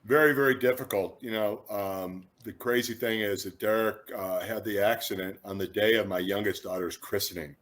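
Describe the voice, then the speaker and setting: A man in his fifties from Chicago, a former football player, telling lively anecdotes as an interview guest and acting out other people's words. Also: on the low side, normal speed, few pauses. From Chicago, USA. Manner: animated storyteller who acts out quotes, with frequent restarts.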